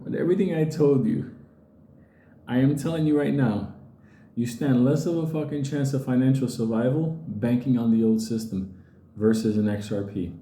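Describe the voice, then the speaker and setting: A middle-aged man talks straight to his viewers in a blunt, swearing rant and slips into quick impressions of other people. His voice is very dark and mellow, and it bounces around an echoey room. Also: medium pitch, a little hiss or hum. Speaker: crypto video host. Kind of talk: casual profane rant to viewers.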